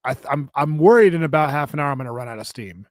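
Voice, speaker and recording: A man's voice: on the high side, expressive, fast, no room sound. A man co-hosting a podcast in casual chat, rambling and self-deprecating, sounding tired. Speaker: podcast co-host.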